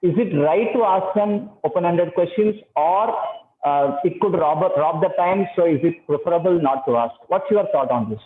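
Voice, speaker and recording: A man, a workshop participant, asking politely worded, halting questions. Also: on the high side. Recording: tinny, echoey call line.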